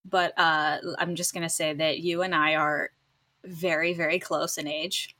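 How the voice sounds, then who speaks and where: Bright-voiced young woman, joking guest. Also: sits low, level tone, unhurried. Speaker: podcast guest. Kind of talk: casual chat.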